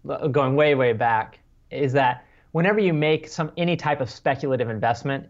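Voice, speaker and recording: A man co-hosting a podcast, talking earnestly and often restarting his sentences. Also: mid-range voice. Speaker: podcast co-host. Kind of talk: casual chat. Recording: dull lo-fi audio.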